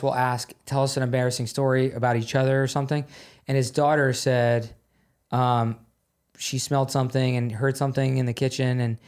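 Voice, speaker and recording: A man's voice: medium pitch, a little mellow. Swearing male comedian telling stories. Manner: storytelling, swearing, quick asides. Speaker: comedian guest. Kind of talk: casual chat.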